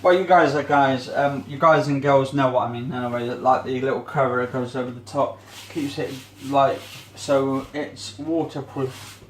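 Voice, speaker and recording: A man's voice: mid-range voice, steady tone, moderate pace. A man chatting away casually as he cleans, rambling and groping for words. He is recorded on a camera left in an echoey home kitchen, with a faint hiss behind him. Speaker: vlogger.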